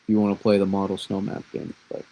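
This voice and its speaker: Speaking fast in a lowish, monotone, dark-toned voice, a man breaks down a coming snowstorm for a live-stream audience over a rough recording. He chats and rambles, starts over at times, and answers questions from chat along the way.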